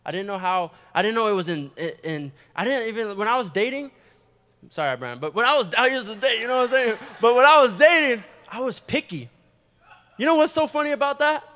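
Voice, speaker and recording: Bright, high-voiced preacher man in a hall. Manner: animated, storytelling, quick asides. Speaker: guest preacher giving testimony. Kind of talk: sermon testimony. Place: church sanctuary. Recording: long hall reverb.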